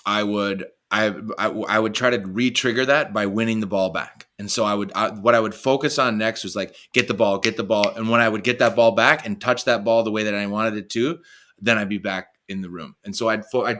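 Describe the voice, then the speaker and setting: A middle-aged man from the United States telling stories as an interview guest, animated and full of "like"s and restarts, acting out his own inner voice. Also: fairly low pitch, fairly quick. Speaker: guest, retired soccer player. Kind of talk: storytelling in a casual interview.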